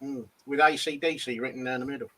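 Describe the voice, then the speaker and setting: Male co-host, fast jokey interjections, slightly husky tone. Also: medium pitch, fairly even intonation, a bit bright. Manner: quick jokey quips. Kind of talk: casual chat.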